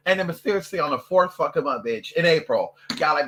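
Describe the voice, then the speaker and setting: Brief: bright, forceful ranter whose pitch swings wildly, nonstop cursing, mocking impressions. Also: a little fast, few pauses. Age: adult, parent of a toddler. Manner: profane, loud and animated, swearing constantly; drops into mocking voices for others. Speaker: vlogger. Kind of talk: ranting monologue to camera.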